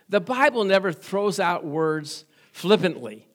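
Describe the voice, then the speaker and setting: A middle-aged man preaching with a fairly high voice. He keeps the sermon folksy and light, cracking jokes and calling out for amens from the pews. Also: big pitch swings, unhurried. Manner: folksy, joking, asks the congregation for amens. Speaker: pastor.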